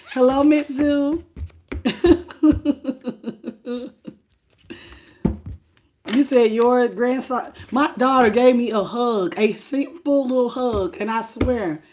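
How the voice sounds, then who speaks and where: A woman with a hoarse, laryngitis-worn voice hosting a live tarot stream, chatting casually and familiarly with viewers and calling them baby and boo. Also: sits high, darkish tone, slight background noise. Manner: unhurried and chatty, laughing often.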